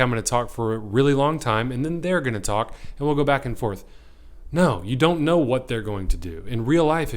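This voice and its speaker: Guy acting coach talking right to camera, punchy and emphatic, mid-pitched voice. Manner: energetic, emphatic, addresses viewer directly. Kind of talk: direct-to-camera teaching.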